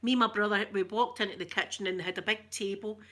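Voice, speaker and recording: A woman with a broad Glaswegian accent hosts a casual chat with her viewers. Her voice is bright and sharp, and she wanders from story to story with easy, self-mocking laughs. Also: mid-range voice, fairly even intonation, fast. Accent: Glaswegian Scottish. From Glasgow, Scotland. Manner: rambling and chatty, laughs often, self-mocking. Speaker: ASMR channel host reading viewer comments.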